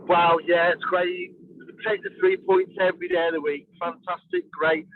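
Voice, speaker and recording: A man's voice: sits high, flat delivery, moderate pace, noisy background. A man joining a casual fan podcast as a guest, speaking bluntly, swearing and repeating his points. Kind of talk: casual chat. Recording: dry phone-like line from far off.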